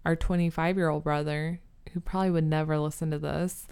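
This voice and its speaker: A young woman co-hosting a casual chat podcast, talking in a dry, sarcastic, deadpan way. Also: deep voice, fairly quick, gravelly, smooth. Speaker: podcast co-host.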